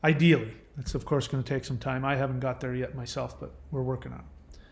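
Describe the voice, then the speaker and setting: A man hosting his own channel, answering viewer questions in casual, gentle, reassuring advice talk. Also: medium pitch, flat delivery, brisk, gravelly, roomy sound.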